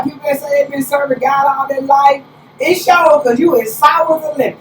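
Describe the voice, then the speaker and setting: A woman apostle preaching a conversational sermon, telling stories with lively preacherly exclamations. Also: high voice, fairly quick. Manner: animated storytelling, preacherly exclamations. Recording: roomy, distant, faint background hiss.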